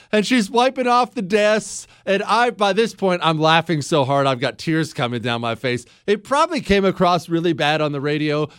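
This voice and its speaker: A man hosting a radio talk show, telling a story and giving commentary in a lively, emphatic way with rhetorical questions. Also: high-pitched, smooth, no room sound, studio quality. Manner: animated, laughs at own stories, emphatic rhetorical questions. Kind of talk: casual on-air storytelling and commentary. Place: radio studio.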